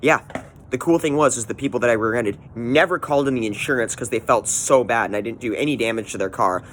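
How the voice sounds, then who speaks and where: A man's voice: medium pitch, fast, fairly bright tone, slight background noise. Blunt, profane young man telling his story. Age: 20s. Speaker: vlogger. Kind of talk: personal story vlog.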